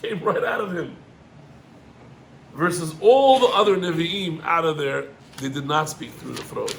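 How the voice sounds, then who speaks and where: A middle-aged man, a rabbi, gives an animated Torah lesson, climbing in pitch on emphatic points and mixing in Hebrew terms. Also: measured pace, gravelly, a little hiss or hum, low-quality recording.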